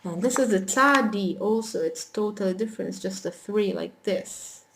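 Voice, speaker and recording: A woman with an Arabic accent teaching letters slowly and patiently, talking as she writes and correcting small slips. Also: mid-range voice, creaky, fairly bright tone. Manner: patient, talks while writing, small self-corrections. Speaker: language teacher. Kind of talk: slow whiteboard alphabet lesson. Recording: echoey room with faint noise.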